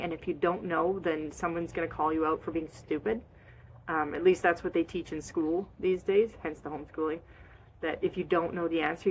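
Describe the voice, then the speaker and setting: A woman with a slightly low voice gives casual wellness advice. She talks in a chatty, expressive way, sighing and making little noises to show feelings. Faint ambient hum sits behind her. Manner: chatty, repeats short phrases. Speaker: holistic wellness coach.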